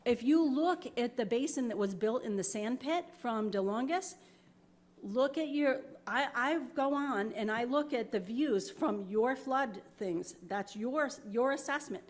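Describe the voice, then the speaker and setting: A woman's voice: a little high, lively intonation, a little slow. A woman resident from New York, making an emotional public comment at a town board meeting, apologetic but insistent, at a podium microphone.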